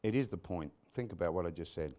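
Lively preaching man. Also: low voice, fast. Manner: lively preaching, mutters asides, quotes scripture, jokes with the congregation. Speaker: pastor. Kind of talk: sermon.

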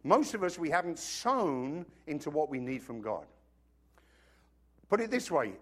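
Man, preacher, sermon, fairly high voice, very expressive pitch, chatty with humorous asides. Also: normal speed. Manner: animated, conversational preaching with joking asides.

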